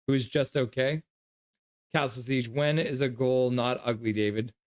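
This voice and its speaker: A man's voice: medium pitch, fairly even intonation, measured pace. Male streamer, casual live reaction host, reads viewer comments and calls the action loosely. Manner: reads viewer chat aloud by name, mixed with loose play-by-play.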